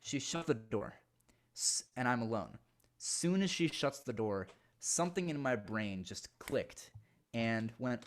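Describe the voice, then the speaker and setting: A young man tells a story in a relaxed conversation. He is animated and laughs as he goes, slipping into quoted voices of himself and others. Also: mid-range voice, unhurried. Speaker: guest. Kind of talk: casual storytelling.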